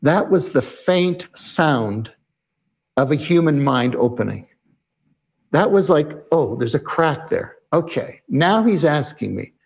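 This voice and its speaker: A man telling a story as an interview guest, explaining in a measured way and voicing his own inner questions aloud. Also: a little high, lively intonation, gravelly. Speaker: podcast guest, negotiation expert.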